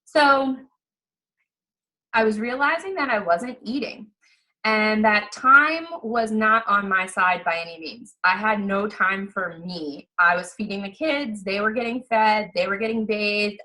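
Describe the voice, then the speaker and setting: A woman's voice: mid-range voice, sharp tone, poor audio. A woman in her thirties telling her personal story as a fitness coach, chatty and earnest with lots of fillers, acting out quoted conversations. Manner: acts out quoted exchanges in livelier voices. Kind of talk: personal testimonial.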